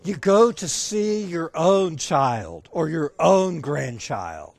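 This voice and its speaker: A male preacher with a high, lively voice that swings up and down as he talks. He speaks at an unhurried pace and keeps turning to the audience with questions. The sound is dry and close. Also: gravelly, no echo. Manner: engaging, asks the audience questions; acts out dialogue in the story. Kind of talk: sermon with a personal story.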